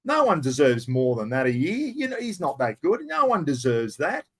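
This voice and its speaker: A man's voice: a little high, wildly swooping pitch, moderate pace, fairly bright tone. Blunt Australian man on a livestream. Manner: blunt, rough-spoken, matey, reads out chat questions. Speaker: livestream host answering viewer questions. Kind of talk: casual live-stream chat.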